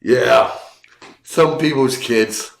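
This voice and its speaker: A man's voice: mid-range voice, extremely slow, creaky, reverberant. A man co-hosting a casual show, reacting to posts with wry jokes. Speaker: co-host. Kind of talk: casual chat.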